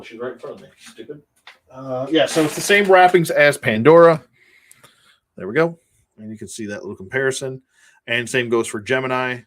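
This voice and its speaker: A man's voice: mid-range voice, normal speed. A middle-aged man from the Buffalo area hosting a casual toy-collecting livestream, rambling, laughing often and greeting viewers by name. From Buffalo, New York area.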